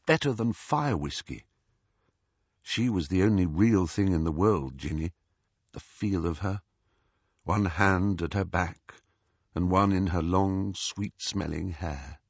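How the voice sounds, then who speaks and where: Husky man narrating an audiobook. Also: deep voice, dry recording. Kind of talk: audiobook reading. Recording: dull, slightly muffled dry audio.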